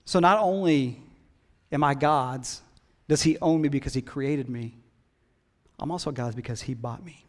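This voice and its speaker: A middle-aged male pastor preaching a sermon, chatting with his congregation and swinging from loud emphatic build-ups to hushed whispers. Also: medium pitch, unhurried. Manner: conversational, jokes with the congregation. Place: church hall. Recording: long hall reverb in a church.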